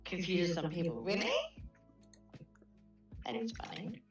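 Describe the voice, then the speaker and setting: An Australian woman hosting a relaxed stream, chatting casually and giggling while she draws at home. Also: fairly low pitch, measured pace, soft background music. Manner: chatty, giggly, self-deprecating. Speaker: stream host and artist. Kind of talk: casual chat while drawing. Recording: echoey room.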